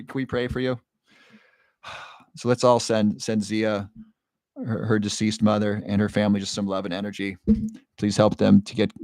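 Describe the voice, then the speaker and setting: A man hosting a live stream, reading viewer comments and coaching them with quick, earnest questions. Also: medium pitch, no echo, clean studio sound. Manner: encouraging, coaching with rapid questions; earnest, emotional at times. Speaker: livestream host.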